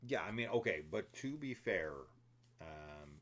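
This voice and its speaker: A man's voice: on the low side, lively intonation, a little slow. A man hosting a horror film review show, talking casually and opinionatedly with plenty of swearing and rambling asides. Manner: laughs and mimics characters while telling the plot. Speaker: film review podcast host. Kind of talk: casual spoiler discussion.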